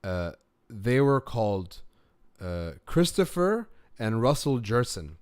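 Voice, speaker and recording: A man's voice: medium pitch, very animated, slow, smooth. A man who grew up in the Gulf, hosting a casual live stream from home. He answers comments, tells rambling stories and thinks aloud while solving a word puzzle, laughing often. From United Arab Emirates.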